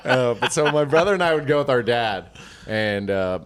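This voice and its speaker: A man's voice: mid-range voice, animated, moderate pace, clear, resonant tone. A man co-hosting a podcast, rambling and swearing casually while he tells stories and acts out quotes in other voices. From Northern California. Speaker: podcast co-host. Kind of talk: casual chat, storytelling.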